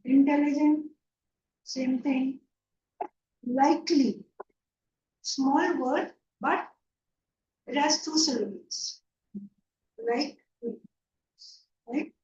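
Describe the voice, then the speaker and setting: Very slowly and with frequent pauses, a woman with a high but dark-toned voice teaches English grammar online from a room. She keeps checking understanding patiently with "yeah?" and "right?", and the recording sounds distant, roomy and dull.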